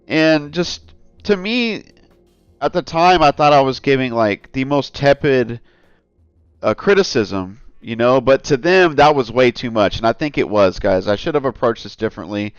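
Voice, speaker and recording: A man's voice: medium pitch, animated, moderate pace, clear, resonant tone, no echo, highs cut off, faint music behind. A man hosting a casual commentary vlog, talking in a rambling, earnest way and often calling his viewers "guys.". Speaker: channel host.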